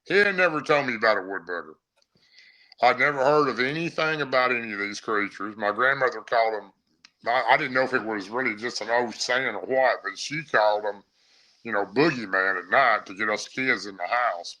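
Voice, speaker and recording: A man's voice: lowish voice, moderate pace, pushed and bright, rough recording. A middle-aged man, a guest on a podcast, telling a vivid first-person story in a rambling, casual way.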